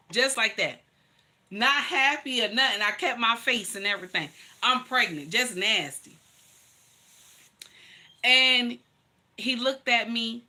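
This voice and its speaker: A woman's voice: medium pitch, bright, forceful tone. A woman hosting a livestream and telling her own story to viewers, blunt, emphatic and profane, calling her listeners honey. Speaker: livestream host.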